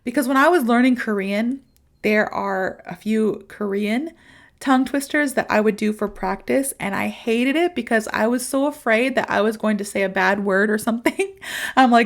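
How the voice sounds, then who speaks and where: A woman's voice: on the high side, normal speed. A woman hosting a podcast as a teacher, talking casually and upbeat straight to her listeners. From United States. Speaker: podcast host and English teacher. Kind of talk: casual solo podcast talk.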